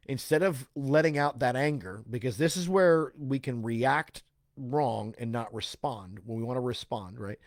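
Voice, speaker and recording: A man at a medium pitch talks through self-help advice in a loose, conversational way, full of "like" and quick "right?" check-ins. The sound is dry and close, with no room around it. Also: no echo. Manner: explains with frequent "right?" and "okay?" check-ins; casual, loose phrasing with restarts and "like".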